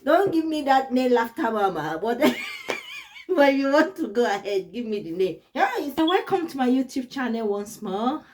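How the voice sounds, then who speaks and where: A woman's voice: high-pitched, huge pitch swings, unhurried, darkish tone. A young adult woman vlogger telling a personal story to her viewers in a casual way, laughing often and repeating words for emphasis. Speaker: YouTube vlogger.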